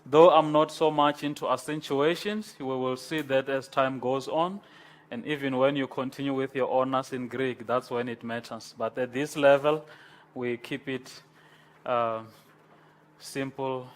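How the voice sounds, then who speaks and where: A man's voice: mid-range voice, fairly even intonation. A man lecturing a class, repeating key words, mixing in Afrikaans and quizzing students. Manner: slow, repetitive, switches between English and Afrikaans, asks the class questions. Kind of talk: university lecture. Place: lecture room.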